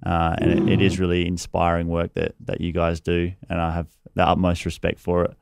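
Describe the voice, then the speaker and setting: A deep-voiced man hosts an interview with a measured, affirming manner. His tone is smooth and resonant, with very little rise and fall. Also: monotone, no echo, clean studio sound. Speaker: interview host. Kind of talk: conversational interview.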